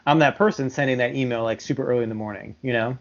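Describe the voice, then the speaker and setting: A man's voice: medium pitch, rapid-fire. A man co-hosting a podcast in casual chat, easygoing and full of filler words. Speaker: podcast co-host. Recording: dull lo-fi sound.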